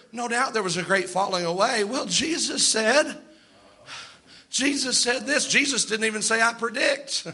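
Man preaching, emphatic and chatty, high voice, very bright and sharp tone. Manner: emphatic, preachy, with restarts and asides. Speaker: pastor. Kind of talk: sermon.

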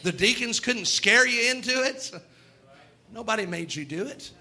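A man's voice: very high-pitched, lively intonation, normal speed, pushed and bright. A male preacher, delivering a folksy sermon and voicing God and sinners in quoted asides.

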